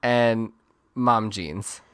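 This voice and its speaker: A man's voice: on the low side, very slow, fairly bright tone, clear, resonant tone, no room sound. A man co-hosting a podcast in casual chat, musing in a rambling way full of fillers. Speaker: podcast co-host.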